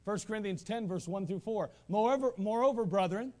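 A male pastor preaching a sermon in a church, animated, with asides and repeated phrases. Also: high-pitched, a little fast. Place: church sanctuary.

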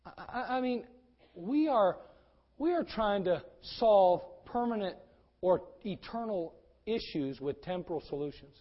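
High-voiced preacher, loud then hushed. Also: male voice, animated, unhurried, long reverb tail, highs cut off. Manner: swings between loud urgent exhortation and hushed pleading. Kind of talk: sermon.

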